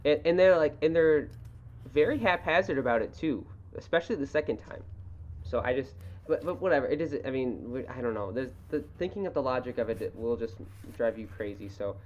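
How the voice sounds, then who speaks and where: A woman's voice: extremely low pitch, lively intonation, fairly quick, a little mellow. Rambling young woman on a dull recording. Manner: rambling, restarts, sarcastic asides. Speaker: podcast co-host. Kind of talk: casual book discussion. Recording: rough, dull amateur audio.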